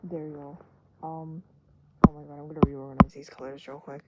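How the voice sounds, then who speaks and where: Young adult vlogger, loose self-mocking ramble with hushed asides, very noisy recording with clicks. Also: mid-range voice, little pitch movement, brisk. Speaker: vlogger doodling on stream. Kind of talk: casual rambling chat while drawing. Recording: loud background noise with clicks.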